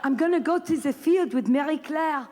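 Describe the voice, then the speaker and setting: An innocent little child, as a woman comic puts her on, coos adoringly in a high sing-song. The live club recording is full of loud audience laughter and noise. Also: normal speed, a crowd in the background, lightly acted.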